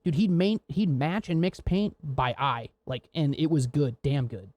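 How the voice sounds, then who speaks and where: A man's voice: a little high, a little slow, no echo, dull audio. An American man co-hosting a podcast, telling rambling, laughing, swear-filled work stories in casual chat. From United States. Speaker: podcast co-host.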